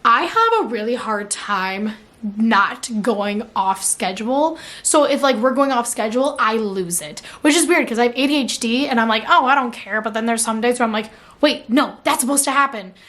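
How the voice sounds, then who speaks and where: Chatty young woman, slightly high voice. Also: animated, moderate pace, a bit bright. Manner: chatty, filler-heavy with frequent "like"; laughs at herself mid-sentence. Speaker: vlogger answering viewer questions. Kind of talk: casual chat.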